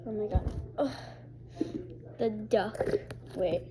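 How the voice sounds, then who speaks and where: A woman's voice: mid-range voice, steady tone, slow pace, heavy background noise. A young woman showing her things in a casual home vlog, chatting with lots of fillers. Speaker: vlogger. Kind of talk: casual show-and-tell vlog. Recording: TV chatter in the background. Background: TV playing in the background.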